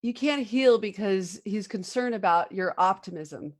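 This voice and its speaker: A woman's voice: medium pitch, expressive, measured pace. A woman hosting a podcast interview, chiming in with enthusiastic, affirming remarks. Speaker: podcast host. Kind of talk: interview conversation.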